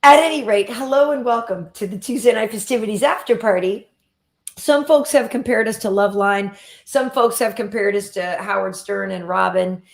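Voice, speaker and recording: A woman's voice: mid-range voice, moderate pace, gravelly. Laid-back woman host in an echoey room. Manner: laid-back, reads viewer comments aloud. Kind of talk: casual chat.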